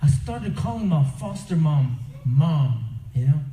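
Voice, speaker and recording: Man, storyteller and motivational speaker, conversational, fairly high mellow voice, echoey hall. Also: a little slow. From Crow Reservation, Montana. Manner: animated storyteller, acts out characters; conversational, full of "you know". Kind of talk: storytelling talk to youth. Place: event hall. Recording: roomy echoing venue, faint ambience.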